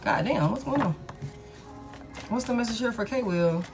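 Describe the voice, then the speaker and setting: A woman's voice: a little high, lively intonation, moderate pace, music in the background. A woman giving a live tarot reading, talking casually and profanely to her viewers. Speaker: tarot reader.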